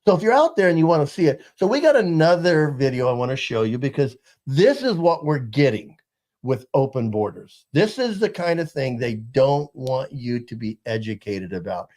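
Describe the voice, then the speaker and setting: A man's voice: medium pitch, very animated, moderate pace, darkish tone. A man hosting a casual political talk show, rambling with lots of fillers and restarts.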